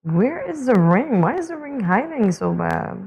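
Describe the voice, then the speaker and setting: A woman co-hosting a morning show, her voice a touch high and swinging widely in pitch with a gravelly edge. She chats playfully, exclaiming and joking at her own expense. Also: sing-song, unhurried, darkish tone, dull audio. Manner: playful, exclaiming, self-deprecating. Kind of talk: casual studio banter.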